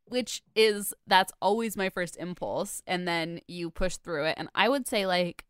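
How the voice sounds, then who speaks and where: A woman's voice: medium pitch, lively intonation, brisk, few pauses, clean tone, dry recording, clean studio sound. A woman co-hosting a podcast in casual chat. She rambles and uses a lot of fillers, with self-deprecating humor. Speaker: podcast co-host.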